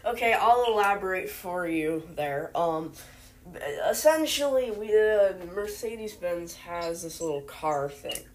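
A woman's voice: medium pitch, animated, a little slow. A young woman hosting a homemade mock news show, rambling and hesitant, full of fillers. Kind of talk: playful mock newscast.

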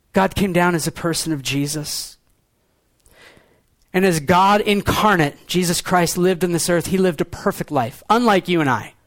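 A pastor, a young adult man with a very high voice, preaches with earnest feeling. He drops into quiet, low lines, then fires off quick pointed phrases. The sound is close and dry, with no room around it. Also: dry recording. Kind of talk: sermon.

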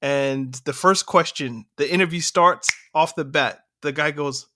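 A man co-hosting a podcast, telling a story in animated casual chat and laughing between points. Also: fairly high pitch, unhurried, a little hiss or hum. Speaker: podcast co-host.

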